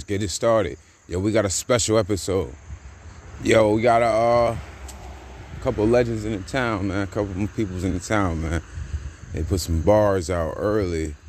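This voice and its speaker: A man hosting a casual podcast, talking in slang, repeating catchphrases and getting loud and excited. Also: low voice, slight background noise. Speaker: podcast host. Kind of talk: casual hyped-up podcast monologue.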